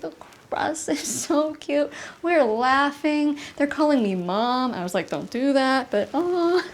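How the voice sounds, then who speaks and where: Telling a story in her apartment, a young woman does solo stand-up comedy with lots of animation. She leaps into high shrieks whenever she acts out a scene.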